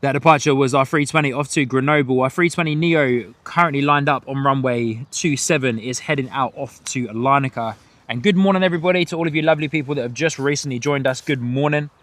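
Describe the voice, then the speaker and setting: A British man with an Australian and New Zealand twang hosts a live plane-spotting stream outdoors at an airport. His mid-range voice is brisk and a bit bright, with no echo, and he chats and laughs often while reading viewer messages.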